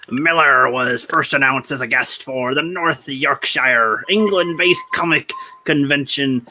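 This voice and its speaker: A man's voice: mid-range voice, unhurried, bright, forceful tone, a little hiss or hum. A man reading a news article aloud on a casual podcast, plainly. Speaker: podcast co-host.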